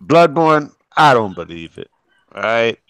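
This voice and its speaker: A man's voice: medium pitch, sing-song, unhurried, fairly bright tone, clear, resonant tone, no room sound. A man from Puerto Rico on a gaming podcast panel, emphatic and swearing, asking "all right?" often. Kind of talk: casual panel chat.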